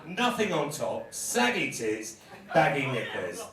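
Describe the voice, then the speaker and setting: A man's voice: medium pitch, huge pitch swings, takes it slowly. Camp man roasting in an echoey pub. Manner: camp, bawdy, teasing. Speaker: drag queen comedian. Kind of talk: stand-up roast. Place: live pub venue stage. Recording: echoey venue, mic at a distance. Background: laughing crowd.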